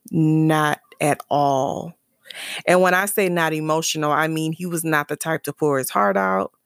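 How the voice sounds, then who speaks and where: A woman's voice: low voice, no room sound, studio quality. A woman candidly telling a personal story about her son and his father, earnest and emotional, often restarting and repeating phrases. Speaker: mother sharing a personal story.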